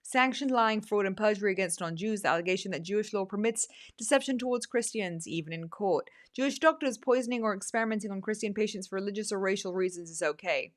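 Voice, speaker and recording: A woman's voice: mid-range voice, quick pace, few pauses. A woman hosting casual political commentary, sarcastic with mocking asides, reading excerpts aloud. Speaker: host.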